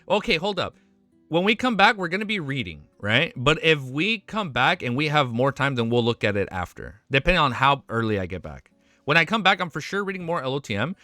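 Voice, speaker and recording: A male streamer reacts out loud in casual live chat, excitable and quick to swear. His voice is bright and swings widely in pitch. The mic is close and dry, with faint music underneath. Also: no echo. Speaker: streamer reacting to fan art.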